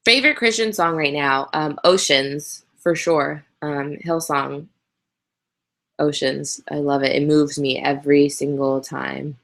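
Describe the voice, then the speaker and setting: Young woman host, unhurried and husky-edged with vocal fry, relaxed ums, tired and pregnant, live webcam chat. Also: deep voice. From North Carolina. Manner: relaxed, chatty, with frequent ums and light laughs. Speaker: host answering viewer questions.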